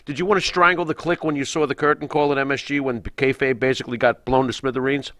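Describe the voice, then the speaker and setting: A man hosting a wrestling talk show, asking relaxed interview questions. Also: medium pitch, quick pace, no room sound.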